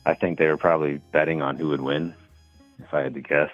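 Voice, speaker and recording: A man's voice: a bass voice, level tone, quick pace, no echo, soft background music. A man calling in, telling stories in a laid-back, casual way with lots of fillers. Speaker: caller. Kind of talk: casual phone call. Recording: tinny phone line.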